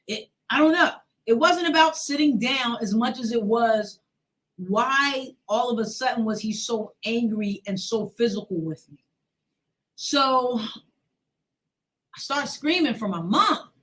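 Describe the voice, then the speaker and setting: A woman in her forties hosts a show and tells a personal story full of emotion, acting out the voices of the people she quotes. Her voice is fairly high, expressive, and a bit bright, and she speaks a little slowly.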